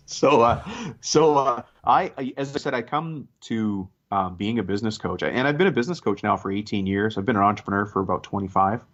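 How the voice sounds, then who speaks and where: A man's voice: lowish voice, lively intonation, normal speed, a bit bright. Lo-fi storytelling business coach, a man. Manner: storytelling, conversational with restarts. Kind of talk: podcast interview. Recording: dull lo-fi sound.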